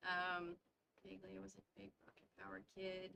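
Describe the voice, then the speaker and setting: A woman's voice: mid-range voice, completely flat delivery, fairly quick, gravelly, pushed and bright, a little hiss or hum, poor audio. A woman hosting a casual book read-along, reading aloud with stumbles and chatty asides. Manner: reads aloud with stumbles and side comments.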